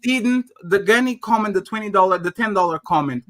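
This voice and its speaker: A man runs a heated podcast debate, mocking and talking over the others. His voice sits high for a man and has a sharp, bright edge. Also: a little fast.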